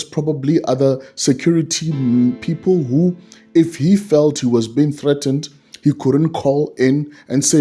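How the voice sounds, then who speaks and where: A man's voice: mid-range voice, dark tone, breathy edge. A man giving a solo commentary on a court case, repeating his points and asking rhetorical questions.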